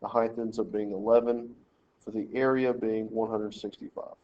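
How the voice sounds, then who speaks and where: A man's voice: on the low side, little pitch movement, moderate pace, dark tone, highs cut off, slight background noise. A man teaching a math lesson, working through problems step by step and telling students how to lay out their work. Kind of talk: screen-recorded math lesson walkthrough.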